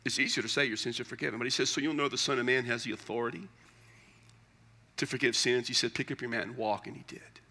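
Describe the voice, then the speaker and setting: A man's voice: mid-range voice, steady tone, fast, bright, forceful tone. A middle-aged male pastor preaching a sermon in a conversational, joking way with emphatic asides.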